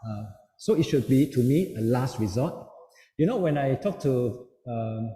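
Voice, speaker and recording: A man's voice: medium pitch, animated, measured pace, warm tone. A middle-aged man giving a parenting seminar talk, telling stories and acting out the voices he quotes. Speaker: seminar speaker. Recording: echoey hall with long reverb.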